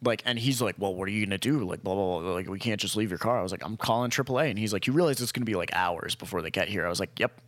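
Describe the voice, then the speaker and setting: A man's voice: lowish voice, very fast, hardly any pauses, a bit bright, no room sound. Rambling young man telling a story. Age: young adult. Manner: rambling, swears freely, acts out quotes. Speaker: storyteller in casual chat. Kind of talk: casual chat.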